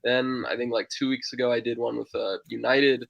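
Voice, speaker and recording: A man's voice: mid-range voice, fairly even intonation, fairly quick, vocal fry, no room sound, highs cut off. A man, a guest analyst, upbeat and talking in a casual chat. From United States.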